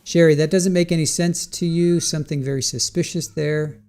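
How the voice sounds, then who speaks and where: Halting man chatting through case notes. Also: on the high side, fairly even intonation, a little mellow, clear, resonant tone. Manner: thinking aloud, halting with restarts and fillers; answers live chat questions. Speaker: live trial commentary host. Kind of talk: casual live-stream commentary.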